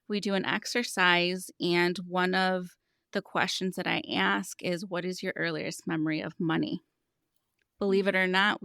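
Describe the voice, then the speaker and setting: A woman in her thirties talks through money habits as a podcast guest, in a low voice with a gravelly edge. She explains earnestly and tells stories from her coaching. The sound is dry and close. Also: pushed and bright, no echo. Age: 30s. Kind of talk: casual podcast conversation.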